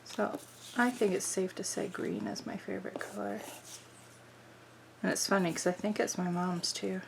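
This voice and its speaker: A woman's voice: medium pitch, fairly even intonation, normal speed, vocal fry, noisy background. A middle-aged woman chatting casually as she works on a craft journal, rambling with lots of fillers. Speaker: craft vlogger. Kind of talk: casual chat while crafting.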